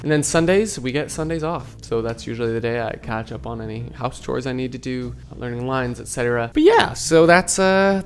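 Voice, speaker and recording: A young man from Seattle, an acting student, narrating his week in a chatty, upbeat vlog. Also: mid-range voice. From Seattle, USA.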